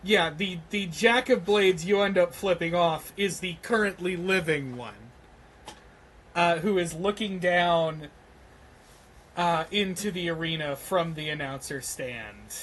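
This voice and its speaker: A man narrates a tabletop role-playing game as game master. He talks slowly and hesitantly, filling pauses with ums, in a voice pitched a touch above the usual for a man. A faint background hum sits under his voice. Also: fairly bright tone, low-quality recording.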